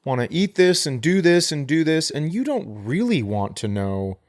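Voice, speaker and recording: A man's voice: fairly high pitch, sing-song, moderate pace, a little mellow. A man hosting a podcast, chatting casually with a wry, cursing manner. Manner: wry, swears freely. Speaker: podcast host. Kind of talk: casual chat.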